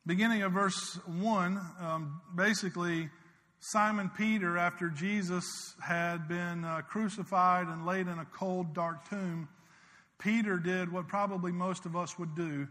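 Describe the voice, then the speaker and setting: Male pastor, high bright tenor, passionate preaching that swings from loud to hushed, long hall reverb. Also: fairly even intonation, measured pace. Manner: preaches with swells of intensity and hushed intimate passages. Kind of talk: sermon.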